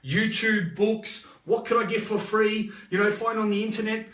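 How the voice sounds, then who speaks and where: An Australian man in a live motivational talk as a life coach, energetic and rambling, repeating himself and checking in with "yeah?". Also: high-pitched, normal speed, echoey room, recorded from a distance. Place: live online session.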